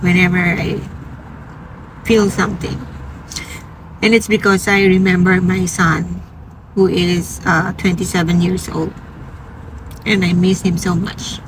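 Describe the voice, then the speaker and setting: Slow, earnest woman telling a story. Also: lowish voice, little pitch movement, far from the mic, slight background noise, low-quality recording. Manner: slow, earnest, halting, gets emotional. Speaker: nursing assistant. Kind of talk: personal storytelling vlog. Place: inside a parked van.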